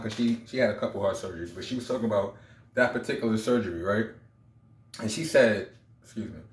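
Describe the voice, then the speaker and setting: A man in his thirties tells a personal story in a casual, rambling vlog, repeating himself and dropping street slang. His voice is lowish and a little mellow, and the recording has a roomy echo.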